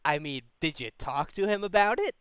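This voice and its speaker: Male call-in host, smooth clear voice, dry close sound, blunt and profane. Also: fairly high pitch, brisk, dry recording. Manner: blunt, swearing, animated. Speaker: advice show host taking calls. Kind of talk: casual call-in advice.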